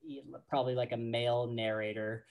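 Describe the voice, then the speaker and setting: A man co-hosting a podcast, chatting casually about books in a halting way full of fillers and restarts. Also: mid-range voice, fairly even intonation, lo-fi sound. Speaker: podcast co-host. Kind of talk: casual book discussion.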